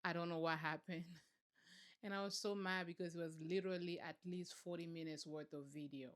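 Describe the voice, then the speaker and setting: A woman hosting a commentary vlog, telling the story in a sassy, animated, colloquial way. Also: lowish voice, brisk. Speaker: commentary channel host.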